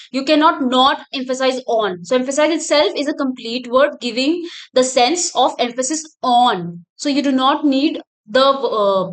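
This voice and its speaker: A woman teaching grammar in a recorded exam-prep lecture, explaining patiently and repeating her points with fillers. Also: sits high. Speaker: English teacher.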